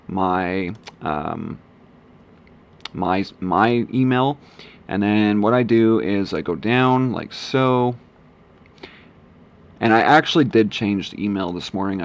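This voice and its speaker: Low-voiced man rambling through a tutorial. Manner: rambling, with many ums and self-corrections. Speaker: online marketing vlogger. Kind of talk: casual screen-share walkthrough.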